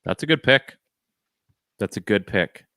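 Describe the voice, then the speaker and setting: A man co-hosting a podcast, chatting casually about hockey picks with relaxed joking asides. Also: fairly low pitch, a little slow, dry recording, clean studio sound. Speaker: podcast co-host. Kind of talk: casual hockey draft chat.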